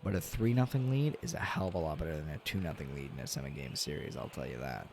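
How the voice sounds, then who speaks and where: A young man streaming a hockey video game, casually commenting, swearing a lot and yelling at big plays, tired and yawning. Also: rumbling low, fast, vocal fry, a little hiss or hum. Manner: excitable, swears often, yells at big plays. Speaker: gaming streamer.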